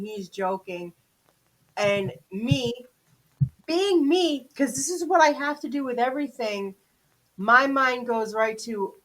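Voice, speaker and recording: A woman casually telling a story on a podcast, jumping up in pitch when she quotes herself and laughing often.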